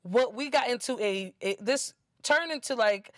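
A woman's voice: fairly high pitch, moderate pace, dry recording, studio quality. A woman with an African American English accent telling a casual story, blunt and profane, mocking the people she quotes. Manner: blunt, profane, animated, mimics others mockingly.

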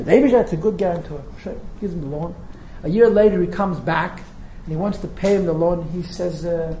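A man teaching a class as a rabbi, telling a story with quick asides before turning to the text. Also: high voice, warm tone. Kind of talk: storytelling lecture. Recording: roomy echo with faint noise.

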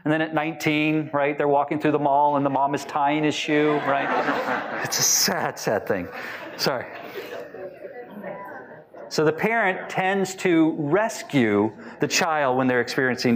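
A man giving a talk to a live audience, asking them many questions and acting out short quotes in lively voices. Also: a little high. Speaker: speaker teaching on attachment styles.

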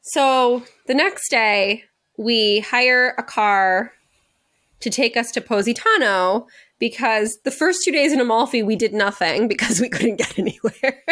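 A woman's voice: on the high side, measured pace, a bit bright. A young woman co-hosting a podcast, telling a story in a casual chat and laughing often. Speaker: podcast co-host. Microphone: video call.

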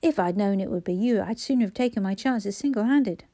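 A woman's voice: medium pitch, fairly quick, dark tone, no room sound, natural voice. A woman voicing a proud young mother who speaks politely but tartly. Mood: prim.

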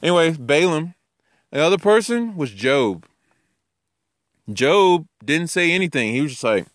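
Guy preaching a casual sermon, lively and jokey, pitch all over, dry close sound. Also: a little slow, long pauses, dry recording. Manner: animated, jokey, acts out voices. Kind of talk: informal sermon.

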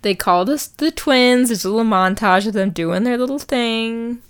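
A woman co-hosting a podcast, recapping a cartoon in animated, casual chat full of swearing and acted-out quotes. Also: a little high, moderate pace, clean tone. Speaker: podcast co-host.

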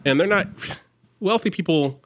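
A man's voice: high-pitched, lively intonation, moderate pace, fairly bright tone, slight background noise. A young man co-hosting a podcast, rambling casually and leaning heavily on "like". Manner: rambling, heavy use of "like", frequent restarts. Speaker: podcast co-host. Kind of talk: casual chat.

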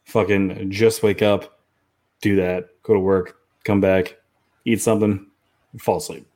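A man's voice: deep voice, level tone, a little slow, a little mellow. A man hosting a horror podcast in crude, teasing casual banter, swearing freely and laughing often. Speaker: podcast host.

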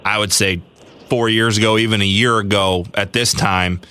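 Bright-voiced male podcast host. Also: on the low side, fairly even intonation, normal speed, clear, resonant tone. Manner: friendly, rambling with fillers. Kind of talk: casual podcast chat.

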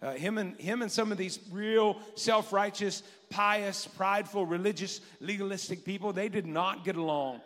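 A man preaching a sermon to his congregation, emphatic and rising to shouts, often chuckling between points. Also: sits high, moderate pace, hardly any pauses, big-room sound. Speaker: pastor. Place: church sanctuary.

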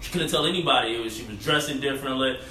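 A man telling his own story on a podcast in relaxed casual chat, with many fillers. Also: mid-range voice, very fast. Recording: echoey room, far from mic, faint hiss.

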